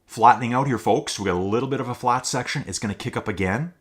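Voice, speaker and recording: A man's voice: mid-range voice, fast talker. A man hosting a live stream, giving upbeat, chatty commentary on a virtual cycling race and reading out rider names and viewer chat as he goes. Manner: chatty, upbeat, keeps addressing viewers as folks; reads viewer names and chat aloud on the fly. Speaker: race commentator and channel host.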